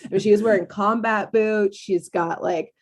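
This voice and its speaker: A woman's voice: mid-range voice, fairly even intonation, measured pace. A woman co-hosting a podcast, recapping a cartoon episode in a loose, rambling way, full of fillers and laughter. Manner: rambling, filler-heavy storytelling with frequent laughs. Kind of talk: casual chat.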